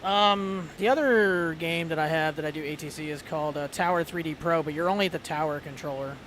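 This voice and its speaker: Guy rambling casually about flight sim stuff, a bit higher voice, faint hiss behind. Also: brisk, a bit bright. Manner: chatty, rambling, lots of fillers. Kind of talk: casual chat.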